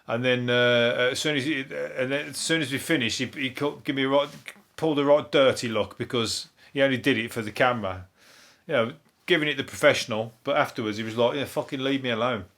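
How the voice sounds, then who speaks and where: Hosting a comedy podcast, a man rambles through the day's news in a brisk, mid-range voice that's a bit bright. The talk is casual and comedic, full of swearing and chuckles at his own jokes.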